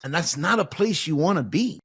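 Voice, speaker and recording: A man hosting an interview podcast, speaking earnestly with halting restarts. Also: a little high, expressive, a bit bright, slightly rough. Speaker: podcast host. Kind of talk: interview talk.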